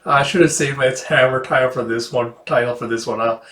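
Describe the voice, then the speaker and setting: A man's voice: medium pitch, fairly even intonation, brisk, a bit bright. A man reading a comic book aloud in a casual way, adding profane asides. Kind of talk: casual comic read-through. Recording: echoey room.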